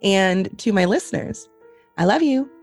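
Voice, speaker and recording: A woman's voice: mid-range voice, animated, unhurried, darkish tone, faint music behind. A woman hosting a casual podcast chat, laughing often and swearing freely. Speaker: podcast host.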